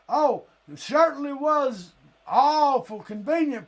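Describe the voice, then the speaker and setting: A man's voice: extremely high pitch, expressive, measured pace. Fired-up man ranting. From Lee County, Florida. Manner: heated, blunt, profane, sometimes shouting. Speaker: live-stream host. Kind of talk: angry political rant.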